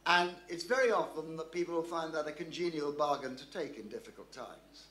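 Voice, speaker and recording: A man's voice: fairly high pitch, brisk, hardly any pauses, a bit bright. A man giving a talk and answering audience questions, thoughtful and anecdotal, often restarting his sentences. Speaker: guest speaker. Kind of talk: public lecture Q&A answer. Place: club function room. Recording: roomy hall echo.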